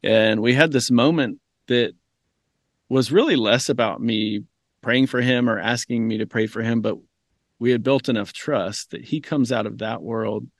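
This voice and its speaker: A physician and teacher, a man, earnestly telling a reflective story in a conversation, pausing often with ums. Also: mid-range voice, creaky, dry recording, studio quality. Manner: earnest, thoughtful, with frequent ums and self-corrections. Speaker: physician and medical educator, podcast guest.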